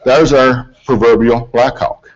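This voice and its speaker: A man's voice: mid-range voice, steady tone, a little slow. A middle-aged man, an accident investigator giving a presentation and telling a folksy, self-deprecating story. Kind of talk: presentation to an audience. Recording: dull lo-fi hall recording.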